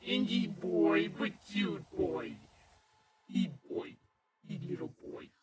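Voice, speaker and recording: A man's voice: high voice, lively intonation, slow pace, noisy background. A male streamer cooing and gushing in baby talk to his pet dog. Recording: music playing loudly behind.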